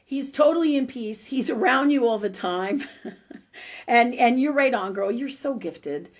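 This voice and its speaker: A woman's voice: a little high, expressive, unhurried. Rambling, emotional woman medium on a live stream. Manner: emotional, warm-hearted, rambling with many fillers and restarts; blunt, swears freely. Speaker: spiritual medium hosting a live call-in show. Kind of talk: casual live-stream readings for viewers.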